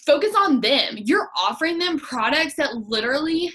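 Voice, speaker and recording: A woman's voice: sits high, animated, moderate pace, bright, forceful tone. A young woman giving casual coaching on sales messaging, chatty and upbeat with lots of "like.". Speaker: direct sales team leader.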